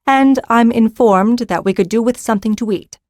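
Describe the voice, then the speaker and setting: A woman's voice: a little high, normal speed, darkish tone, no echo, clean studio sound, pitched above the performer's own voice, lightly acted. A woman reading an audiobook, voicing a commanding young noblewoman who speaks sternly and with authority. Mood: brisk. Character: commanding young noblewoman taking charge of a hold.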